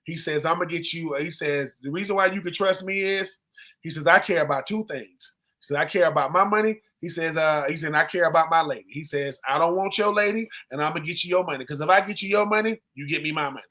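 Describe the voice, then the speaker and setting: A man with a high, bright voice spins a casual story on a sports podcast. He slips into the voices of the people he quotes. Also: fast talker. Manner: animated storyteller who acts out quoted people. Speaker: co-host, former football player.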